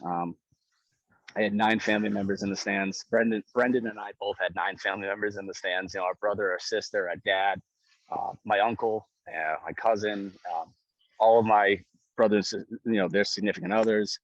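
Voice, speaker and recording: Low-voiced man telling an excited story. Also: dry recording, muffled recording. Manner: excited, swears, repeats phrases. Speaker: guest, pro hockey goaltender. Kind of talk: casual emotional storytelling.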